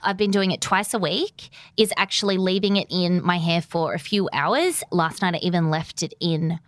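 A woman's voice: lowish voice, moderate pace, no echo. A young woman, co-hosting a podcast and telling stories in a chatty way. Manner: chatty, storytelling, lively. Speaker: podcast co-host. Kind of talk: casual chat.

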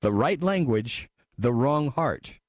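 Into a studio microphone with no echo, a talk radio host reads listener messages and adds wry, emphatic commentary. He speaks slowly in an expressive, medium-pitched voice.

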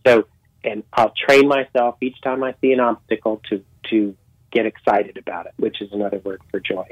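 A man's voice: lowish voice, little pitch movement, moderate pace, dry recording, highs cut off. Man, life coach guest, earnest, encouraging, dry close recording. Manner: earnest, encouraging, advice-giving. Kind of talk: casual interview.

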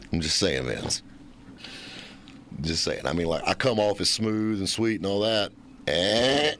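A male radio host with a low voice that rises and falls a lot as he tells his stories. He jokes and laughs easily. A faint noise sits under the recording. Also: measured pace, pauses often. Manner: joking, laughing often, animated storytelling. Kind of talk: casual radio banter.

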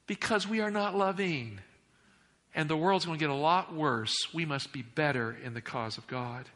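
A male pastor delivering an emphatic sermon in a church, swinging between loud declarations and hushed asides. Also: on the high side, moderate pace, in a large hall. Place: church sanctuary.

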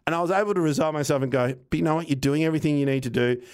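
A man, telling a casual, animated anecdote on a podcast, acting out what people said and swearing now and then. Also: fairly high pitch, racing, smooth. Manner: animated, rambling anecdote with acted-out quotes and swearing. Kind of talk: casual storytelling chat.

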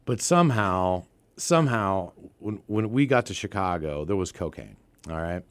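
A man with a lowish voice in casual podcast chat. He tells rambling stories, backs up to fix his words, and laughs through the funny parts. The sound is dry and close. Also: lively intonation, normal speed, smooth, dry recording. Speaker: podcast co-host.

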